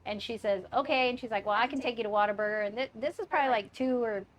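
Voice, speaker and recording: A young woman with a slightly high voice tells a wild party story in loose, casual chat. She curses freely, breaks into laughter and acts out everyone she quotes. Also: quick pace. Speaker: podcast co-host telling a story.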